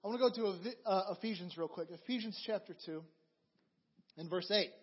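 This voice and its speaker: High-voiced man preaching in a reverberant hall. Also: brisk, husky. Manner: animated storytelling with repeated phrases. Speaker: pastor. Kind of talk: sermon. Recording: dull recording in a reverberant hall.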